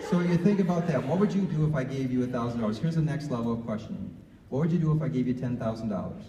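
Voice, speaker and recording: Animated male speaker in an echoey room. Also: mid-range voice, fast, very noisy. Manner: animated, peppers the audience with questions. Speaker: guest speaker, financial advisor. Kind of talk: motivational talk to students. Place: room at a campus ministry gathering. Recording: echoey room, from far off, dull.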